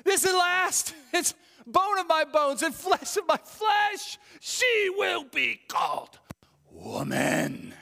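A man voicing the biblical first man, shouting with amazed delight. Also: extremely high pitch, takes it slowly, gravelly, big-room sound, voice pushed up, full character voice. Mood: joyful. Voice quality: excited, shouting.

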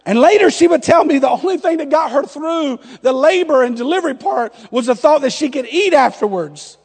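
A man in his thirties, a pastor preaching, telling a lively story and acting out the dialogue. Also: extremely high pitch, a little fast. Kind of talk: storytelling sermon. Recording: long hall reverb.

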